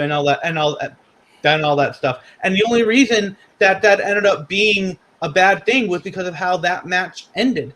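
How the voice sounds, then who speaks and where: A man with a notably high speaking voice chats casually on a wrestling podcast. He argues his points animatedly, often restarting his sentences. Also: normal speed. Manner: animated, argumentative, many restarts.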